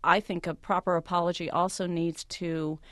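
A woman advice columnist, a guest on a radio talk show, giving confident advice in a relaxed way. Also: on the low side, moderate pace, no echo, studio quality. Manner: confident, advising, with easy laughter.

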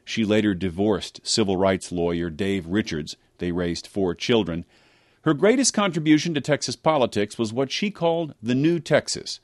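A man reporting for radio news, narrating a scripted story in a measured, expressive delivery. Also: lowish voice, no room sound, clean studio sound. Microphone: close studio mic.

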